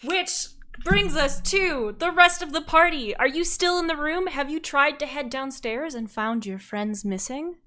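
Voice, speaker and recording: A woman runs a tabletop game as game master, narrating scenes in a bright, forward voice. She hedges softly with little fillers as she goes. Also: high voice, measured pace, few pauses. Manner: soft narration with hedging fillers.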